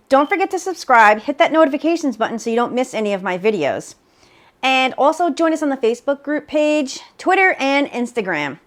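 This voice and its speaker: Upbeat high-voiced woman demonstrating cooking. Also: expressive, fairly quick. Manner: upbeat step-by-step narration, enthusiastic. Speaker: cooking video host.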